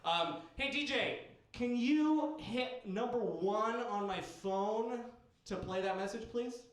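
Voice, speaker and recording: A male comedian on stage talks in a halting, awkward deadpan, pausing often. His voice sits high for a man. The club is very echoey, with steady noise behind him. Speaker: stand-up comedian. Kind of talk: stand-up routine.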